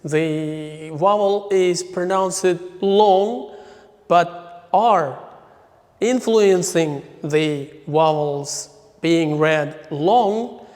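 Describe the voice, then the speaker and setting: Slow, high-voiced male teacher. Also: darkish tone. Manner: methodical, reads out example words one by one. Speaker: English teacher. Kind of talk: recorded lecture. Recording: lecture with long hall reverb.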